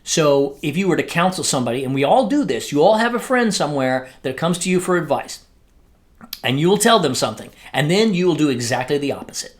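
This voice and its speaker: Animated man giving casual life advice. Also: a little high, brisk. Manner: animated, conversational, acts out his own quoted thoughts. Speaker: podcast host. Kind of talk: casual motivational monologue.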